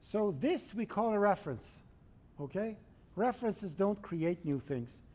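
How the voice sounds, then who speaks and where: A man's voice: high voice, lively intonation, unhurried, darkish tone. A man teaching a programming class in a conversational lecture style, often checking that students follow along. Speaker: programming instructor.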